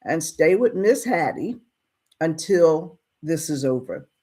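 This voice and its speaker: A woman's voice: sits low, expressive, slow pace, dark tone, heavily acted. A woman voicing a firm, blunt rancher father in a retold story.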